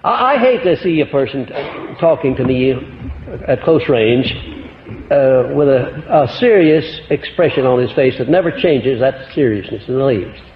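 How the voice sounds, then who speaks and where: Male motivational lecturer, emphatic with big swings in pitch, heard on dull old tape with long hall reverb and faint hiss. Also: expressive, normal speed. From United States. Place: lecture hall with live audience.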